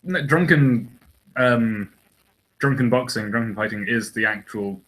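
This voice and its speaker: A man's voice: medium pitch, measured pace, a bit bright, poor audio. A man co-hosting a casual podcast chat, rambling and hesitant, often restarting his sentences. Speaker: podcast co-host.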